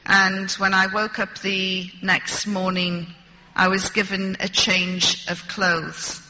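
A woman's voice: medium pitch, level tone, takes it slowly, sharp tone, in a large hall, dull audio, slight background noise. A woman telling a story to an audience with dry, wry humor. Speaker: speaker addressing an audience. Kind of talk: storytelling talk.

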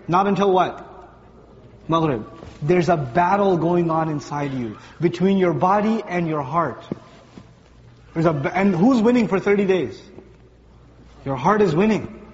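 A man with a fairly high voice preaches a lively, joking sermon, slipping into funny voices for everyday scenes. His voice rings with a long reverb through a large hall, the sound a bit dull, with faint room noise underneath. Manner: animated, acts out little scenes with funny voices, rising pitch when emphatic. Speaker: speaker at a Ramadan talk. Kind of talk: lively sermon to young audience.

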